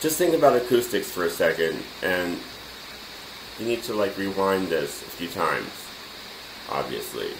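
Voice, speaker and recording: A man's voice: sits low, big pitch swings, a little slow, pauses often. A man teaching the basics of audio in a casual way, laid back and chuckling often as he talks from his home studio. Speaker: DJ and music production teacher. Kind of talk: casual spoken lesson. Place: home studio room with computer. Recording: roomy room echo, faint noise.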